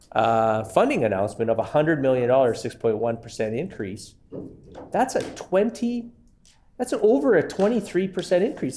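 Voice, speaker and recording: A man's voice: mid-range voice, a little mellow. A man with a Canadian accent, an education minister answering questions in a legislative committee, combative and sarcastic, often addressing the chair. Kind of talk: parliamentary committee debate. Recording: legislative room feed with faint noise.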